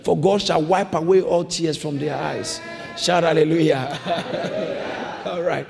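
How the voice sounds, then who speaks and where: In a big church hall whose long reverb fills the recording, a man delivers an emphatic, repetitive sermon and has the congregation echo his lines. His voice is a little high with vocal fry, moving at a moderate pace.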